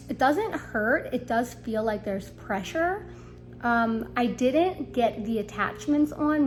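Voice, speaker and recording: A woman's voice: a little high, poor audio. Young adult woman, casual vlogger, slight airy lisp, chatty with fillers, faint hum behind. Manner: chatty, with frequent ums and likes. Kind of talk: casual vlog diary.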